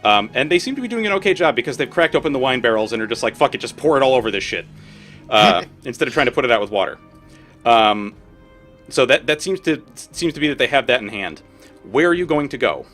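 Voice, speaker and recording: A man narrating a tabletop game as game master, casual and halting with many fillers. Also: mid-range voice, lively intonation, fairly bright tone, faint music behind.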